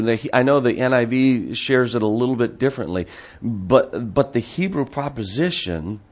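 A man's voice: mid-range voice, a little mellow. A man giving a sermon as a Bible teacher, conversational with frequent restarts and asides, reading scripture quotes in a raised, emphatic voice.

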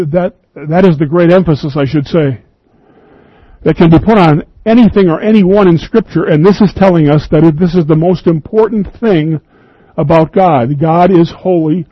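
A man's voice: a little high, no room sound, muffled recording. A man preaching an earnest, emphatic radio sermon, reading scripture and quoting at length.

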